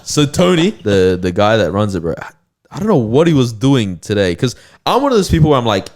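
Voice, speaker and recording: A man co-hosting a podcast, chatting casually and telling stories in an animated way, full of "bro" and "like". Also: mid-range voice, fairly quick. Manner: animated storyteller, says "bro" and "like" a lot. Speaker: podcast co-host. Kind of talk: casual chat.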